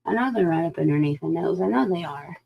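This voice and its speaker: A woman's voice: on the low side, lively intonation, fast talker, creaky, highs cut off, a little hiss or hum. A woman doing a chatty live psychic reading, folksy and informal, sometimes dropping into a whisper. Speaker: psychic reader. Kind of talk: live-stream tarot reading chat.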